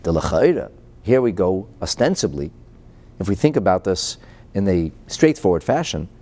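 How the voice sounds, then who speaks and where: A man's voice: low voice, very animated, moderate pace, dark tone. A man teaching Torah and explaining a Chassidic discourse. He reads out Hebrew phrases, translates them into English, asks rhetorical questions and chuckles between points.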